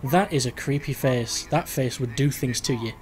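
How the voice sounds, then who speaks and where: A man's voice: mid-range voice, moderate pace. A man casually narrating his own video game play, musing aloud and rambling. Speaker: gaming video host. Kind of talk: casual let's play commentary.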